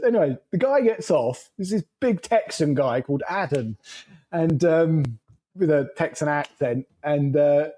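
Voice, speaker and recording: Rambling man, slightly high voice. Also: lively intonation, a little slow, mellow, poor audio. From England. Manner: rambling, laughs often, swears freely. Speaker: podcast guest, motorcycle traveler. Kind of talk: casual storytelling.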